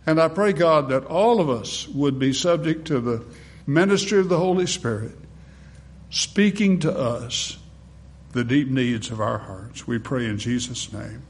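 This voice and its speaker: A man preaching a sermon in a dramatic, rhetorical manner, swinging between booming emphasis and hushed, quiet phrases. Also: unhurried. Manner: rhetorical, acts out congregation replies. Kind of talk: sermon with opening prayer.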